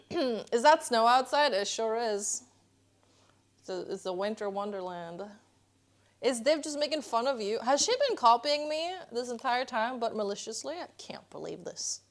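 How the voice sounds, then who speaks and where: Young female streamer, bit higher voice, chatty and teasing, talking to chat from home. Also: animated, moderate pace. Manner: playful, chatty, reads and answers chat. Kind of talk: casual live-stream chat. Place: indoors at home, kitchen.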